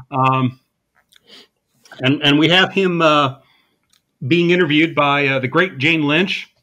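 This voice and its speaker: A man co-hosting a podcast, casually recapping a comedy film, laughing often and quoting lines in a deadpan. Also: a little high, takes it slowly, pauses often, lo-fi sound. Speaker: podcast co-host. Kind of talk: casual movie-recap chat.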